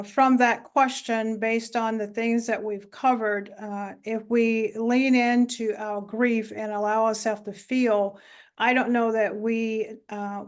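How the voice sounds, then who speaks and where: A woman presenting a talk on grief in an online webinar, speaking in a measured way with many filler sounds. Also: on the high side.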